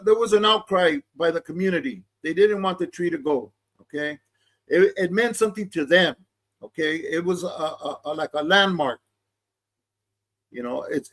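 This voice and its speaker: A middle-aged man hosting his channel, talking casually and often checking in with "okay?". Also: high-pitched. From East Los Angeles. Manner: conversational, peppered with "okay?" and Chicano slang. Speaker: channel host. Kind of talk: casual commentary monologue.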